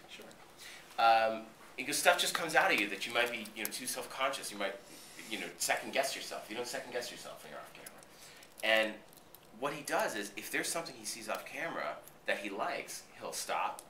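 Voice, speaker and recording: A lively, bright-voiced man from Boston tells set stories in an interview, swearing freely and acting out other people's lines. The recording is roomy and echoey, with him some way from the mic. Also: fairly low pitch, a little hiss or hum. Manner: animated, profane, acts out what others said. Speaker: actor being interviewed. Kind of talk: casual interview storytelling. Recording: roomy echo, voice from a distance.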